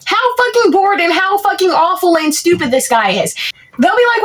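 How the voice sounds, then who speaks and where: A young woman with a strikingly high voice rants through a comic monologue. She rambles and vents in exasperation, piling on filler words as she goes. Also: expressive, moderate pace. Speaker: content creator. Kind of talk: comedic POV rant monologue.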